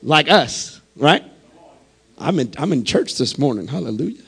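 A man preaching a sermon as pastor, impassioned and building to shouts. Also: medium pitch, sing-song, normal speed, vocal fry, husky.

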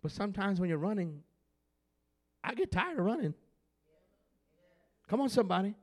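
A male pastor preaching a sermon, filling his pauses with "uh" and swinging from hushed tones to shouting. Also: high-pitched, very animated.

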